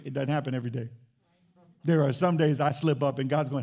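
A man's voice: on the high side, rapid-fire, darkish tone. A man preaching a sermon as pastor, building in intensity and acting out back-and-forth dialogue.

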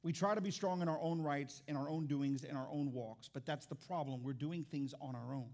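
A middle-aged man preaches as pastor in a slightly high-pitched voice. He tells his story with comic animation, swinging from loud outbursts to quiet asides. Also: brisk. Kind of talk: sermon with storytelling.

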